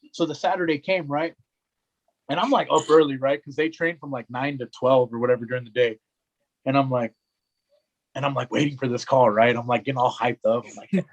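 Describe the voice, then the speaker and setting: A young man who works as a wrestling commentator tells a story during a laid-back podcast chat, his voice slightly high and his delivery brisk over dull-sounding audio. He's animated, mimics the people he quotes, and keeps tossing in "right?" and "man."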